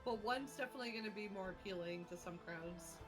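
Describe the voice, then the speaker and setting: A woman's voice: medium pitch, fast, over music, poor audio. A woman streamer chatting casually during a game, playfully dramatic.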